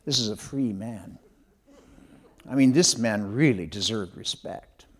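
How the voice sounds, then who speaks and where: An older man, an author, telling a story from his own schooldays in an animated, conversational way. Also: on the low side, unhurried. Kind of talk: spoken memoir storytelling.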